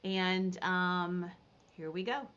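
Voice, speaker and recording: A woman running a live online consignment auction, describing each item and then calling bids in rapid repeated phrases. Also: fairly low pitch, a bit bright, clean tone, muffled recording. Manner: rapid repetitive bid calling.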